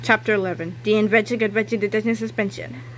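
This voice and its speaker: A woman reading a children's book aloud in a lively, expressive way. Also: medium pitch, fast, a little hiss or hum. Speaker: narrator.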